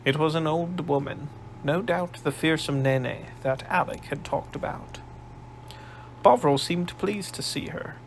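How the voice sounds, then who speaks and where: Slow gravelly male audiobook narrator. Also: on the high side, a little hiss or hum, rough recording. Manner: measured storytelling.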